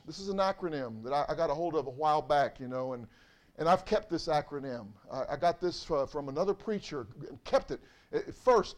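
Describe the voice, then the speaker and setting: High-voiced man preaching a sermon. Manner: emphatic, repeats phrases, asks the congregation questions. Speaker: pastor. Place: church.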